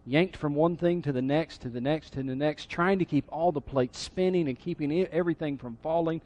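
Middle-aged preacher, teasing and chatty. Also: male voice, fairly high pitch, a little fast, darkish tone, highs cut off. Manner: conversational, teasing the congregation. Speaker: pastor. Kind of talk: sermon. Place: church sanctuary.

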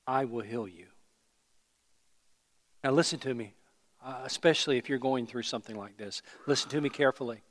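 A man preaching a sermon as pastor, earnest, rising to emphatic peaks and falling to hushed phrase endings. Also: medium pitch, fast talker. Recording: hall reverb.

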